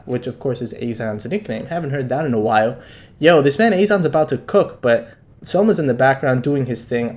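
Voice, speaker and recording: A young man with a mid-range voice streams a live read-along of a manga. He's excitable and slangy, swinging between loud outbursts and quiet muttering.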